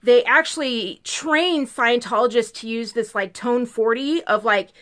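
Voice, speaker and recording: A woman's voice: fairly high pitch, unhurried, a bit bright. A woman vlogger telling a story in a casual, emphatic way, full of "like". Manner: chatty, peppered with "like", emphatic.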